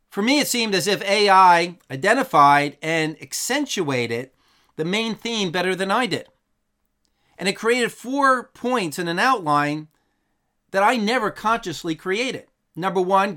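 A YouTube channel host and Bible teacher speaks casually to the camera, reflecting earnestly on a topic in a plain, unscripted way with some fillers and restarts. His voice sits high and sounds pushed and bright.

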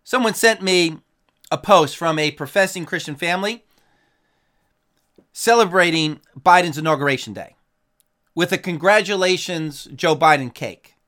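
A man's voice: a little high, normal speed, pauses often, sharp tone. A man preaching a sermon in an earnest, emphatic way, reading out scripture and quotes between his own points.

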